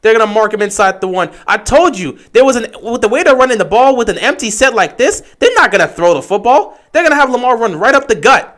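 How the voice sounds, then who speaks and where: A young man hosting a livestream, giving excitable play-by-play reactions to football games that swing from shouting to muttering. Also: very high-pitched, fast talker, hardly any pauses. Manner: excitable, shouts at big plays then mutters. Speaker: livestream host. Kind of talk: live football watch-along commentary.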